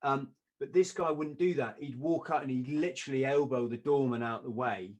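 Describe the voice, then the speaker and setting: A man, a podcast guest, telling a story in a lively way, often laughing and acting out what others said. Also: mid-range voice, moderate pace, dull audio. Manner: lively, acts out quoted voices, laughs often.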